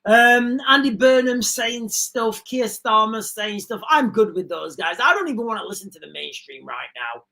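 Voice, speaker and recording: This livestream host has a fairly high, bright, forceful voice with vocal fry, and she barely pauses while reading breaking news at normal speed. Expressive throughout, she stops to share her views, talking straight to viewers and saying "guys" a lot into her streaming mic.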